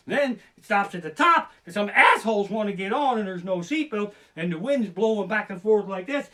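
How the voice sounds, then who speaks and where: Male stand-up comic, high and very lively voice, profane and self-mocking, streaming from home. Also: a little fast, hardly any pauses. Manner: profane, animated, self-deprecating. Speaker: comedian. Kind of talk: livestreamed stand-up comedy. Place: home living room. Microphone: barebones home streaming setup.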